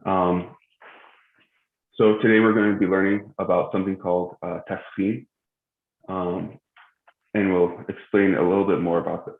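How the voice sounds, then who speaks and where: A young man with a low, deep voice leads a live recitation lesson, pausing often with fillers and correcting himself. His voice carries the echo of a large prayer room. The stream sounds thin and phone-like. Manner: hesitant, many filler sounds, self-correcting. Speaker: tajweed teacher. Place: mosque. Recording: echoey, tinny phone-like stream.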